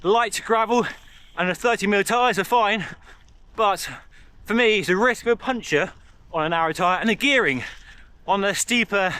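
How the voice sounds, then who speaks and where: A man talking through a bike review in a measured, conversational way. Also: sits high, sharp tone, smooth. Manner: measured, conversational product comparison. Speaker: cycling reviewer.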